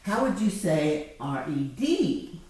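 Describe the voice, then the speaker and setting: A woman tutoring a child one-on-one in a reading lesson, patient and coaxing, slowing down to model words. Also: fairly low pitch, very animated, warm tone, a little hiss or hum. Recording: echoey room, mic at a distance.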